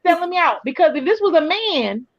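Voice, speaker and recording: High-voiced woman telling a story. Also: brisk, no room sound, lo-fi sound. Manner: animated storytelling with quoted dialogue. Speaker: co-host. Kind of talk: casual chat.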